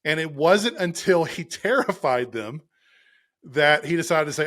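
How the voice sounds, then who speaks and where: Animated man retelling stories, higher voice. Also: normal speed. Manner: animated storyteller, acts out quotes, laughs often. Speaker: podcast co-host. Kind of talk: casual podcast chat retelling scripture.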